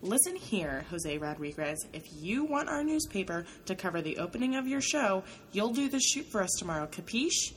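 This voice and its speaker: A woman reading an audiobook, voicing a bossy, forceful young woman journalist with an emphatic, pushy delivery. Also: mid-range voice, sing-song, moderate pace, hardly any pauses, slight background noise, natural voice. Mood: commanding.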